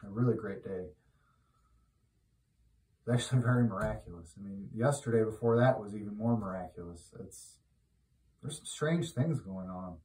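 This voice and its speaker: A man giving an informal, conversational sermon who grows loud and emphatic when he exhorts. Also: lowish voice, moderate pace, pauses often. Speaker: preacher. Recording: roomy echo, mic at a distance.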